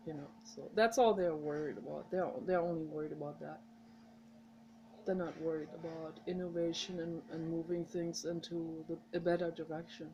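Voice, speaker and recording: A vlogger with a mother tongue talks straight to camera in a casual, rambling monologue, heartfelt and encouraging toward her viewers. Her voice is on the low side and mellow, and the audio is poor, with slight background noise.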